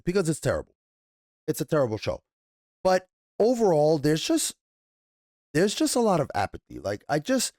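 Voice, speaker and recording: A man's voice: mid-range voice, no room sound, studio quality. A young man reviewing a TV episode in an angry, profanity-heavy rant, stumbling and restarting as he gets worked up. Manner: swears constantly, stammers and restarts when agitated. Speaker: TV show reviewer.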